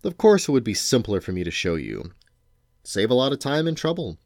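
A man voicing an aloof, sleepy male cat in a storybook, speaking slowly and cryptically. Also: medium pitch, big pitch swings, a little mellow, no room sound, studio quality, voice pushed up. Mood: drowsy cryptic. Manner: slow, lazy and cryptic. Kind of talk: storybook read-aloud.

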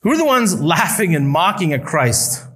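A male pastor preaching a sermon at a church service, building emphatic appeals that rise and then drop quietly. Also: high voice, sing-song, normal speed, husky, low-quality recording.

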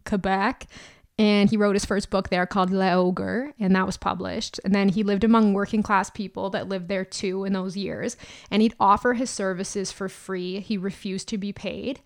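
Woman, mid pitch, podcast host, casual and self-mocking comic patter. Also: steady tone, normal speed. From Alberta, Canada. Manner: chatty and self-deprecating, joking asides. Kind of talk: casual comedic monologue.

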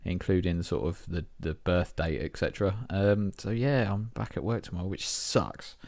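A man's voice: low voice, moderate pace, a little mellow, no echo. A man in his thirties co-hosting a podcast, talking in wry, self-deprecating banter. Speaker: podcast co-host. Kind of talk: casual chat.

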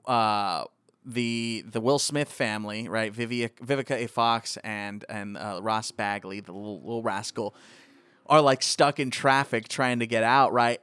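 A man chatting casually about a movie with friends, animated and joking, often jumping into high excited voices. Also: a little slow, clean tone, no room sound, clean studio sound.

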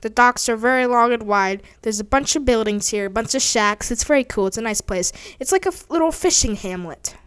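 A woman's voice: fairly high pitch, brisk, hardly any pauses, fairly bright tone, clean tone, no echo. A young woman improvising a playful role-play with a friend, giggly and prone to melodramatic shrieks.

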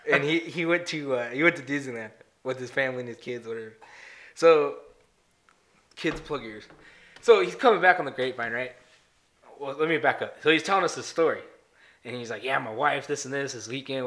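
A man telling crude stories in casual chat, animated and swearing a lot. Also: mid-range voice, fairly quick. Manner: animated storyteller, swears a lot, says dude.

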